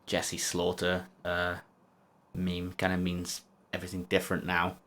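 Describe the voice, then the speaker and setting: A man's voice: sits low, completely flat delivery, unhurried, a bit bright. A man making casual, self-mocking reaction commentary on his own old video. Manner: self-mocking, wry asides.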